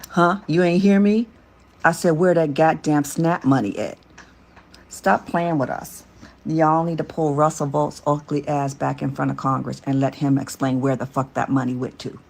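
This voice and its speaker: A speaker in a clip rants angrily, cursing and mocking in a flat delivery. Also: medium pitch, a little slow, creaky. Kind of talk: angry street rant clip.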